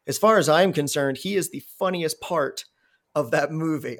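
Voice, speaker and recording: A man's voice: on the high side, moderate pace. A man hosting a podcast in casual chat, rambling and profane, restarting his words. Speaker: podcast host.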